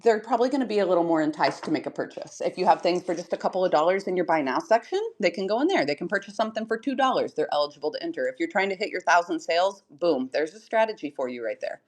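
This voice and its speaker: A young woman hosts a seller-support livestream from home, explaining things quickly and chattily. Her voice sits a little low but moves up and down with lively energy, and she breaks into laughter often. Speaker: online reseller hosting a seller-support livestream. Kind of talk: livestream tutorial chat. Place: home room in front of shelves.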